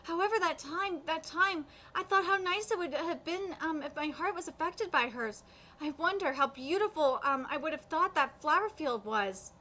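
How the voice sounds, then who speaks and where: A woman reading the part of a wistful ancient spirit aloud, broken by fillers and pauses. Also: high voice, animated, pushed and bright, a little hiss or hum. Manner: read aloud with hesitant fillers.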